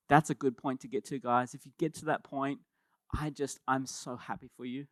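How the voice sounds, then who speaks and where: A man preaching a sermon as pastor, in a conversational and animated way, often repeating words as he starts a thought. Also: medium pitch, moderate pace, no echo, studio quality.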